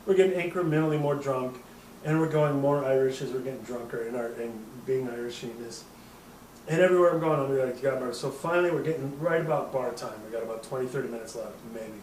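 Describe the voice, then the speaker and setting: Fast and darkish in tone at medium pitch, this thirtysomething American Midwesterner hosts a podcast and spins a rambling, profane yarn. He laughs frequently and does quoted voices, and the distant mic in an echoey room picks up a little hiss or hum.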